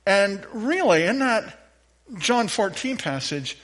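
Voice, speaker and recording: A pastor delivering a sermon in a church, his voice sitting a touch high for a man. He preaches in a playful, animated way and draws the congregation into the fun. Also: a little slow. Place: church sanctuary.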